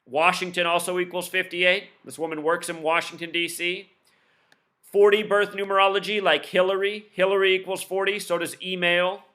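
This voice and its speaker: Guy ranting to camera real fast, bright kinda high voice, mocking tone. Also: level tone. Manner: rapid-fire, insistent, admits talking too fast; lists numbers and codes in rapid bursts. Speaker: video commentator. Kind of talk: solo explainer monologue.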